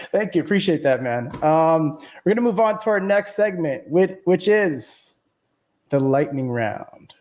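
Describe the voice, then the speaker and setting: Host, man, high voice, relaxed and loose, casual question reading. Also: unhurried. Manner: laid-back, laughs easily, filler-heavy. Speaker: podcast host. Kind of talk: casual gaming podcast hosting.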